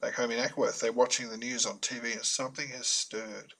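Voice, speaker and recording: A man's voice: mid-range voice, level tone, brisk, vocal fry, fairly bright tone, low-quality recording. Man narrating with wry asides. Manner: chatty, wry storytelling with asides. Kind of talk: self-published audiobook narration.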